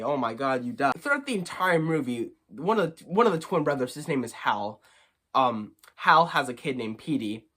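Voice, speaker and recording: Animated young man with a higher voice. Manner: animated, indignant, quick to get worked up. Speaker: movie reviewer. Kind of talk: casual movie review rant.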